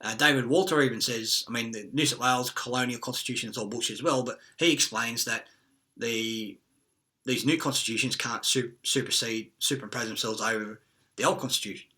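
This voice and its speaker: A man's voice: medium pitch, steady tone, a little fast, pushed and bright. Profane rambling man. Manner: profane, rambling, acts out quotes. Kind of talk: rambling monologue.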